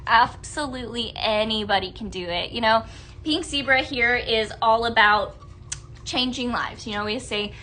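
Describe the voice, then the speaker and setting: A woman hosts a live shopping stream. She gushes about products and reads viewer votes aloud. Her voice is bright and sits a bit high. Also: slight background noise. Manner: bubbly, gushing, reads viewer comments aloud. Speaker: live-selling host.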